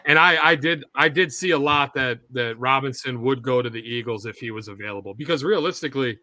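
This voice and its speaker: A man's voice: mid-range voice, a little fast, sharp tone, dry recording. A man co-hosting a live sports stream, talking in a loose, rambling, chatty way. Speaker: sports show co-host. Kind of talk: casual live-stream chat. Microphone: headset or earpiece monitoring a TV feed.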